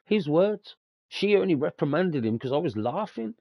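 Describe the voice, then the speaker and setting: On a dry, lo-fi recording, a young man with a slightly high voice speaks at a moderate pace with big swings in pitch. He hosts a podcast, telling stories casually while laughing frequently, swearing, and using slang like "mate" and "bruv."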